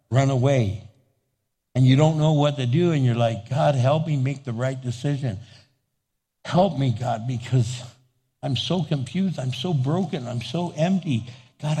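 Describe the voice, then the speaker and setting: A man's voice: a little high, mellow, breathy edge, long reverb tail. A man preaching a sermon as pastor, playful, acting out little dialogues and laughing often.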